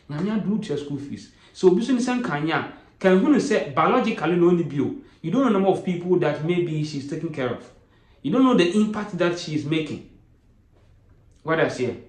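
A Ghanaian man hosting an online show, commenting earnestly and pleading as he mixes English and Twi. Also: a little high. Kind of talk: emotional commentary. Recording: roomy echoing sound.

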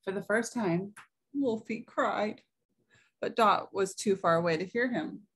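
A woman reading a picture book aloud to children, gently explaining words as she goes. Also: mid-range voice, measured pace, husky. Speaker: story reader for children at church.

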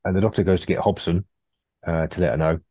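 Brief: male podcast co-host, very low voice, dry close sound, relaxed recapper. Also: fast talker, no echo. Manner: laid-back, recounts plot with frequent laughs and fillers. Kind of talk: casual chat recapping an episode.

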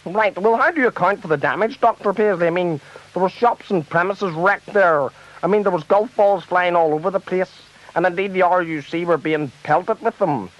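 A man's voice: sits high, moderate pace, a bit bright. A man playing a fussy, flustered TV debate presenter. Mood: officious. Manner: fussy, scolding interviewer. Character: flustered middle-aged male TV debate presenter. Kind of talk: comic radio sketch. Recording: dull lo-fi tape.

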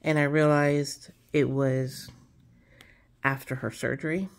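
A woman chatting casually while she crafts, relaxed and rambling with many fillers. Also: a bass voice, takes it slowly. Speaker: craft vlogger.

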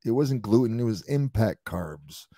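A man's voice: lowish voice, expressive, measured pace, dark tone, dry recording. A man hosting a livestream, brash and joking with swearing. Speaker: host. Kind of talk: casual livestream chat.

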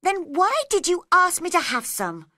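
A woman voicing a curious, polite young girl in a storybook, bright and raised. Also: a little high, huge pitch swings, unhurried, no echo, studio quality, voice pushed up, full character voice. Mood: cross.

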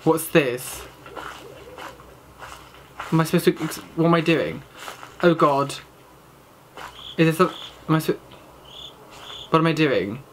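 A man's voice: on the high side, takes it slowly, long pauses, slight background noise. A young man commenting on a horror game he is playing, jumpy and panicky, exclaiming and swearing often. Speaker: gaming channel host.

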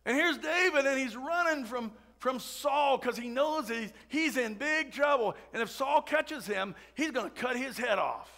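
A man's voice: extremely high pitch, expressive, measured pace, vocal fry, hardly any pauses, sharp tone. A man preaching a Sunday sermon in a church, chatty and full of asides and jokes. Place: church sanctuary.

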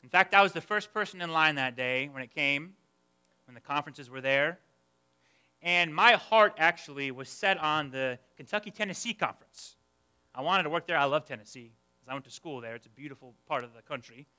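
A young adult man preaching a sermon, telling a personal story in an animated way and acting out his own past complaints. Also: fairly high pitch, brisk, clean tone. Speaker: pastor.

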